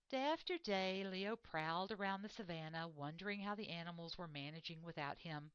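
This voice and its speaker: A woman reading a picture book aloud, expressive and measured. Her voice sits on the lower side. The recording is dry and a little dull. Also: clean tone, no echo. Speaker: reader. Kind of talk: storybook reading.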